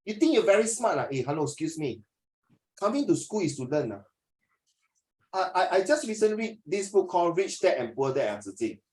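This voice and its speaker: Animated Singaporean man teaching, teasing. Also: fairly quick, pauses often. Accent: Singaporean English. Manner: animated, teasing, mixes languages, lively pitch swings. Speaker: tutor. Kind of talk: casual joking lesson.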